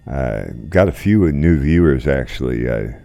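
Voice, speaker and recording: A man's voice: very deep voice, expressive, a little slow, gravelly, mellow. A man hosting a casual live stream, chatting while distracted and reading out chat. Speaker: stream host flying a helicopter simulator.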